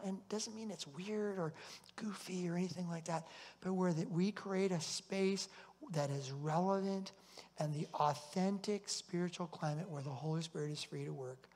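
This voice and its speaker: A man's voice: fairly high pitch, a little mellow. A male pastor preaching a sermon to his congregation, earnest and anecdotal. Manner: storytelling, earnest, repeats himself. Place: church sanctuary. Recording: long hall reverb.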